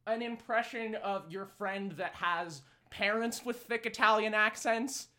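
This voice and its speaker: Rambling, profane podcast host. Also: male voice, high voice, measured pace, pushed and bright. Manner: profane, rambling, laughs often. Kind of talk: casual chat.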